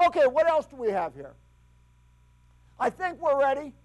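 High-voiced man lecturing animatedly. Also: moderate pace, low-quality recording. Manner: animated, asks rhetorical questions. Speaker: history lecturer. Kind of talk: classroom lecture.

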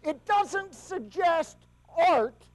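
High-voiced man lecturing animatedly. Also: extremely slow, rough recording. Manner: animated, asks rhetorical questions. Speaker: history lecturer. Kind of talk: classroom lecture.

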